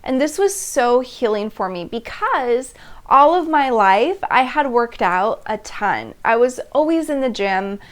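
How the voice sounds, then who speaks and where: A woman in her thirties, speaking with a voice pitched a little above most women's. She hosts a personal storytelling monologue in an animated, open way, laughing between phrases and briefly acting out how she reacted back then. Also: a little slow. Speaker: host.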